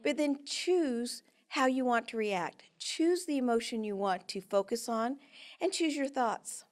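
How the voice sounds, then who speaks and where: A woman in her fifties, a guest expert in an interview, telling a personal story with lively shifts between loud and soft delivery. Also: on the high side, unhurried.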